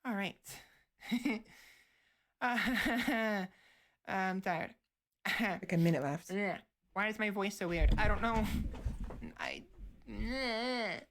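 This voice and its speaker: A woman's voice: mid-range voice, takes it slowly, long pauses, a bit bright. A young woman streamer chatting casually, rambling with many fillers and restarts while playing around with her voice. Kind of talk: casual chat.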